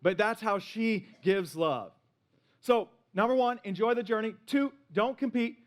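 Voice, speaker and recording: A man preaching a sermon in an animated, playful way, acting out little voices as he goes. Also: sits high, a little slow. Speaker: pastor.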